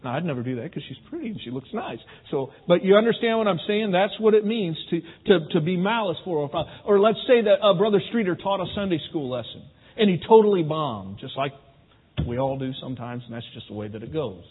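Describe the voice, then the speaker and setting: Male preacher, somewhat high voice, conversational sermon, thin phone-like audio with a long church echo. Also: brisk, breathy edge. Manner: conversational preaching, rhetorical questions to the congregation. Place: church sanctuary. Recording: phone-like, with long hall reverb.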